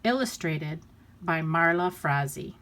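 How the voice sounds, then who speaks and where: Woman reading a picture book slowly. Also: low-pitched. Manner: slow, deliberate, expressive pauses. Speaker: storybook reader. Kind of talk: picture-book read-aloud.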